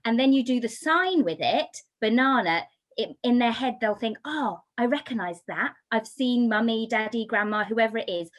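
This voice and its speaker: A woman from the United Kingdom giving a talk on baby sign language, explaining with lively, sing-song emphasis. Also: fairly high pitch, normal speed. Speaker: baby signing instructor. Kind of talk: talk to an audience.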